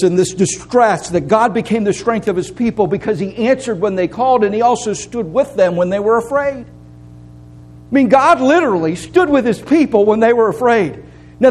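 A man's voice: sits high, a little mellow. A man preaching a sermon, reading scripture and building to raised, pressing appeals. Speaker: pastor.

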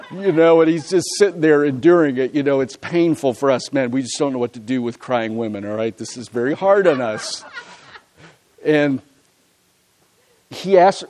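A male pastor preaching a sermon in church, earnest, swinging from loud emphasis to quiet asides. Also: fairly high pitch, moderate pace.

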